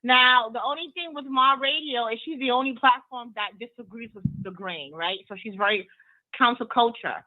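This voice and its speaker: Woman, caller, high voice, chatty, rambling, tinny phone line. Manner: chatty, rambling, quick to laugh. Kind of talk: call-in commentary.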